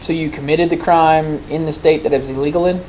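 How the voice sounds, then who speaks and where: A man's voice: on the high side, fairly even intonation, fast talker, darkish tone, muffled recording, slight background noise. Male teacher quizzing a class. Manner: conversational, quizzing students, folksy asides. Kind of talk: classroom lecture with questions.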